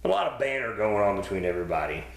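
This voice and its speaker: A man co-hosts a podcast, casually reviewing wrestling episodes in a rambling, profane way full of fillers. His low-ish voice is sing-song and creaky, and he talks at a racing pace in a room with an echo.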